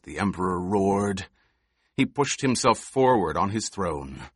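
A man narrating an audiobook in a measured, expressive reading. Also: low voice, slightly rough, dry recording, clean studio sound. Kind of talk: scripted narration.

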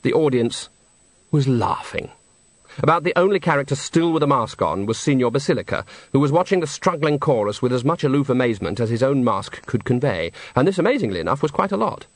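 A man narrating a comic novel in a wry, lively storytelling manner. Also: medium pitch, a little fast, no echo. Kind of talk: audiobook narration.

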